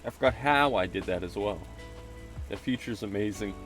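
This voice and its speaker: A man's voice: on the low side, moderate pace, fairly bright tone, soft background music. A male streamer chatting casually with viewers and greeting them, joking about himself. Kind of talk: casual livestream chat while reading a game aloud.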